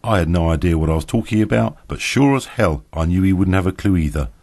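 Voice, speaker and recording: A man's voice: low voice, fast talker, darkish tone. A man voicing a glib, teasing male bar owner and musician in a storybook reading.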